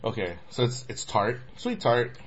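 A man's voice: medium pitch, measured pace, a crowd in the background. Rambling man hosting a snack tasting. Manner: rambling, laughs easily, talks with his friends. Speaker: host. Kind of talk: casual chat, snack tasting. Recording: lo-fi with steady noise.

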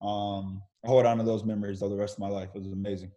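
The audio is dull as a young American pro baseball player, guesting on a podcast, speaks quickly in a lowish voice. In this casual video-call interview, he tells candid, lively stories about his career with a little mild swearing.

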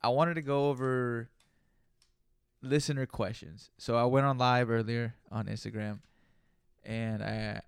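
A young man hosts his own podcast in a loose, profane, rambling way, tossing in jokey repeated asides. His voice has a gravelly fry at mid pitch. The recording is dry and close to the mic. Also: no echo. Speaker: podcast host. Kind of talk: casual solo podcast monologue.

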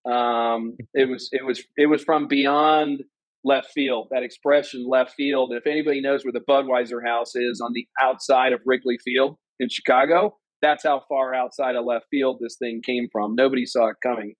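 A man in his fifties, a former company president, telling his personal story as an interview guest in an earnest, animated way. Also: moderate pace, no room sound, poor audio. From Ohio, USA. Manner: earnest, animated storyteller who acts out quotes in a higher voice.

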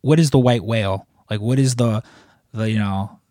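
A man's voice: on the low side, moderate pace, mellow, dry recording, studio quality. A man in casual chat, telling stories in a rambling way, full of filler words. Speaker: wrestling merchandise shop employee asking questions.

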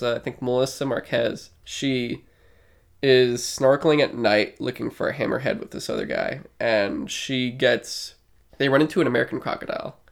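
A podcast co-host with a gravelly, mid-range male voice rambles loosely in casual chat, full of fillers and swearing. He sounds short of breath.

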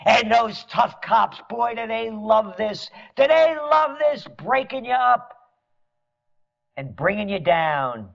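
A man delivering a sarcastic, mocking monologue as a commentator, at times rising to shouts. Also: sits high, big pitch swings, slow pace, creaky. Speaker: trend forecaster and commentator. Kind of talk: ranting monologue. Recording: dull lo-fi audio.

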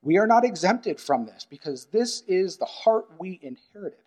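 A pastor preaching a sermon in an earnest, emphatic way, repeating key phrases and moving between loud urgent stresses and quiet asides. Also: male voice, high voice, sing-song, normal speed.

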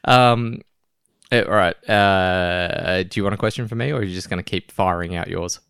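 Man, podcast co-host, casual chat, gravelly, dry close sound. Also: low voice, moderate pace, a bit bright, dry recording. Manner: laughs often, restarts sentences.

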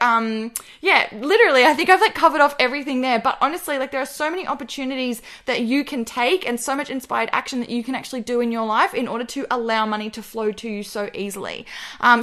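A woman's voice: high voice, sharp tone. A young woman, hosting a casual motivational podcast in a bubbly, upbeat way and calling her listeners babe. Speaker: podcast host.

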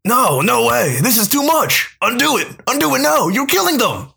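Man playing a raspy chain-smoking brother, frantic, bright voice that swoops high. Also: very animated, moderate pace, exaggerated voice. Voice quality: raspy smoker's voice. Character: panicking man pleading to save his brother.

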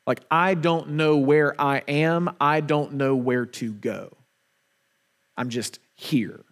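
Male pastor, sermon, slow deliberate delivery, fairly high voice, emphatic repetition. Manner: earnest, emphatic preaching with repeated phrases.

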